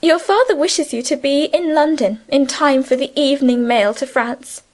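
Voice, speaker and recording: A woman reading the part of a gentle, affectionate schoolgirl friend, earnest and soothing, in a higher voice than her narration. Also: moderate pace, close to an everyday voice. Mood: tender. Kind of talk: audiobook character reading.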